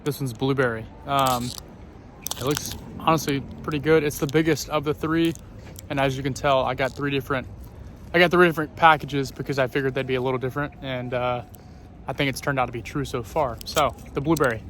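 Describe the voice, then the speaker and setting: Strolling through the city, the vlogger chats to camera in a brisk, mid-range, slightly bright voice with fairly even intonation. He hesitates a lot, saying um and correcting himself, while faint traffic and street sounds drift in.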